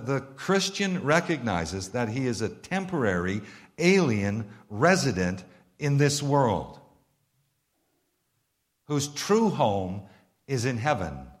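A Canadian-accented man preaching a sermon. His pitch rises and falls freely as he stresses lists of words. He keeps asking his listeners pointed rhetorical questions. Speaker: pastor.

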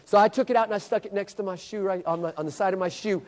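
Male street preacher, very high voice, animated storyteller, echoey church hall. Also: racing. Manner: animated, building suspense with repeated questions. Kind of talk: sermon storytelling.

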